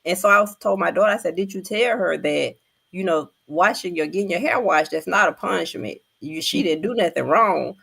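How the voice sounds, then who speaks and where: Older woman, gravelly and low, animated storyteller on a chat podcast. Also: brisk. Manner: animated storytelling with voiced quotes. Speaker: panelist. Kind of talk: casual chat.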